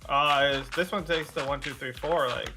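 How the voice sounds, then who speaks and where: A man's voice: on the high side, normal speed, natural voice. A man voicing a rambling, folksy small-town buddy during a gaming stream, with music behind. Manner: rambling, folksy turns of phrase.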